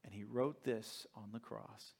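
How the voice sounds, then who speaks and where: A man preaching a sermon as pastor, reading scripture dramatically and moving between hushed and emphatic delivery. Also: lowish voice, steady tone, unhurried, creaky, husky.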